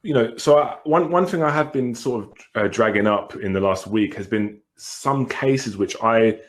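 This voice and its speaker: A man's voice: medium pitch, normal speed. A man co-hosting a podcast in casual discussion, speaking earnestly and checking in with the listener as he builds his point. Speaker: podcast co-host.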